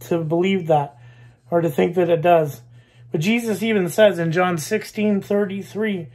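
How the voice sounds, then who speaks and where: A male pastor delivers a sermon in a fairly high voice. He speaks slowly and deliberately, hammering home repeated phrases. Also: darkish tone. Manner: slow, emphatic preaching with repeated phrases.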